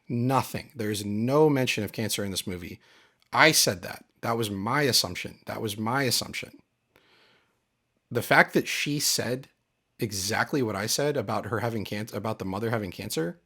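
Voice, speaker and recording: A man's voice: mid-range voice, bright, forceful tone. A man hosting his channel, talking casually and emphatically, aggrieved and repeating his points. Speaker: channel host. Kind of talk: casual commentary.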